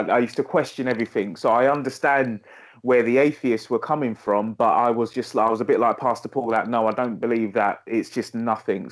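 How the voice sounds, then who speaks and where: A male podcast host, born in Zimbabwe and raised in Essex, talking reflectively with many fillers. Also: fairly low pitch. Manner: reflective, rambling with fillers, animated when retelling. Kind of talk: casual chat.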